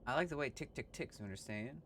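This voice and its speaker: A man's voice: medium pitch, lively intonation, a bit bright, slight background noise, voice pushed up. A man doing a groovy hipster cat. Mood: smooth. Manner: slangy hipster talk, quick and smooth. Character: cool, groovy talking cat, smooth and laid-back.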